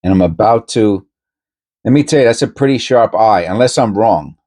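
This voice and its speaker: A man's voice: on the low side, expressive, normal speed, warm tone. A man hosting a coin-hunting channel, talking casually and rambling with many restarts and self-interruptions. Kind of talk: casual commentary to camera.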